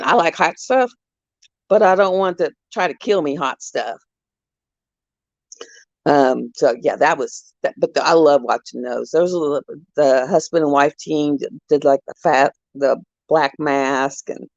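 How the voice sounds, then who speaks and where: Middle-aged woman hosting a home livestream, gravelly voice, rambling chatty delivery, muffled lo-fi sound. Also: low-pitched, darkish tone, no room sound. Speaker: livestream host. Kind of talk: casual chat while crafting.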